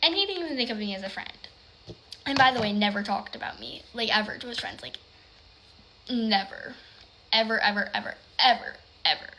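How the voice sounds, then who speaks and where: Bright-voiced woman rambling through a storytime. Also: on the high side, very animated, brisk, a little hiss or hum. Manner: rambling, heavy use of "like". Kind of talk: casual storytime chat.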